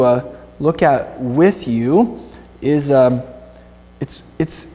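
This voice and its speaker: A man's voice: on the high side, mellow, big-room sound. A young Canadian man giving informal Bible teaching to a small group, chatty and rambling, with many restarts.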